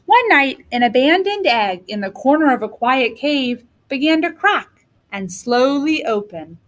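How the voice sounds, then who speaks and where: Animated high-voiced woman reading aloud. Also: unhurried. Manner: animated, expressive. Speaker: kindergarten teacher. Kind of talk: storybook read-aloud.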